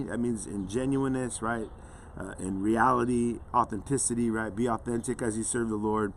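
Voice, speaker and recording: A man preaching a short devotional in a relaxed, conversational way, steadily earnest and peppered with "man" and "right." His voice sits in an ordinary middle range. A faint hum runs under the recording. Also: mid-range voice, brisk. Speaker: pastor. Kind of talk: devotional sermon.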